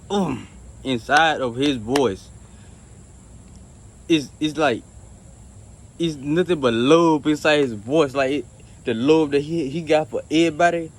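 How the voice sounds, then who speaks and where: A man with a mid-range voice tells a personal faith story in loose, rambling fashion, circling back and restarting his sentences. He sounds earnest and at times soft-spoken. Faint crickets and insects chirp quietly behind him. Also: medium pitch, slight background noise. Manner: rambling and repetitive, many restarts. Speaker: storyteller sharing a faith testimony. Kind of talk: casual spoken testimony.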